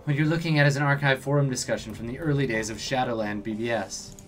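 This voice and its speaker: A man's voice: mid-range voice, fast talker, music in the background, natural voice. A man voicing a stiff, formal simulacrum. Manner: formal and precise.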